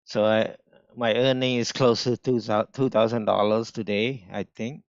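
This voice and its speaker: A man with a strong non-native accent, talking casually on a live stream about his trading, halting and restarting often. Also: mid-range voice, fairly even intonation, clean tone, no echo, highs cut off. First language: not English. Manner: halting, restarts often, slow careful phrasing. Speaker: day trader streaming live.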